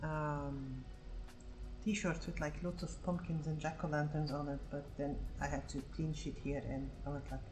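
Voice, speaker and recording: A woman in her forties chats loosely while painting on a stream, wandering from thought to thought and swearing freely. Her voice sits a little low for a woman. Faint music plays quietly behind her. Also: flat delivery, normal speed, low-quality recording. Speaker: art streamer. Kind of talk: casual chat while painting.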